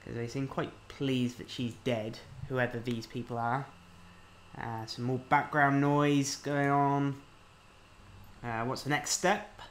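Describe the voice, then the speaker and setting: A man casually commenting on a video game as he plays, reading the on-screen text aloud and thinking out loud. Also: medium pitch, flat delivery, slow pace, slight background noise. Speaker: let's-play host.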